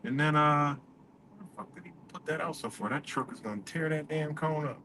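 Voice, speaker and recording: A man's voice: on the high side, moderate pace, bright, forceful tone. Rambling, swearing man streaming from his car. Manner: rambling and profane, with frequent laughs. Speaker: live streamer. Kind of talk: casual storytelling. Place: in a moving vehicle on a highway. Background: faint road and vehicle noise.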